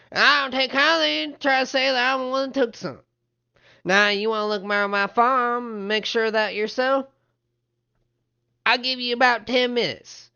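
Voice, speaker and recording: A man's voice: very high voice, vocal fry, pushed and bright, muffled recording, pitched above the performer's own voice, heavily acted. A man voicing a proud, hostile middle-aged rural farmer who drawls threats in folksy grammar.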